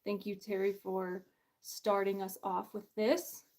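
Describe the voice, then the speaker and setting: A woman's voice: medium pitch, little pitch movement, a little slow, a little mellow. A woman author hosting her book launch in a casual livestream chat. She is bubbly and self-deprecating, and she laughs often.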